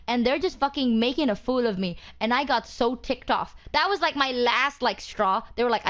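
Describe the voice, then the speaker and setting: Lady streamer venting, swears a lot, kinda high voice, bit muffled audio. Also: fairly quick, few pauses, a bit bright. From Indonesia. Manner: heated, profane storytelling. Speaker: VTuber streamer. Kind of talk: casual stream rant.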